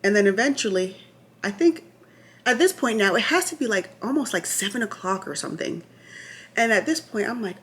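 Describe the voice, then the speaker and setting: A woman vlogger telling the story of her labor in a chatty, animated way, full of asides and restarts, sometimes checking her notes. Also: mid-range voice, a little fast, husky. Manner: reads from notes at times. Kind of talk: casual storytelling to camera.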